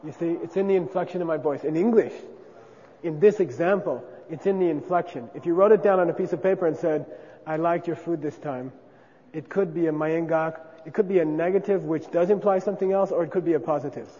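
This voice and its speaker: Male teacher, fairly high voice, casual lecture, echoey hall with faint noise. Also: a little fast, dark tone. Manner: conversational, checks in with frequent 'okay?'. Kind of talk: classroom lecture on Buddhist philosophy. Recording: dull lo-fi sound with long reverb.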